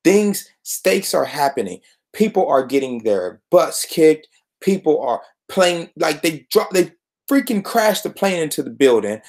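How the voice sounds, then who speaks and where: A man's voice: a little high, very animated, measured pace, a little mellow. A young man hosting a solo podcast, reviewing comic books in an exasperated, sarcastic rant.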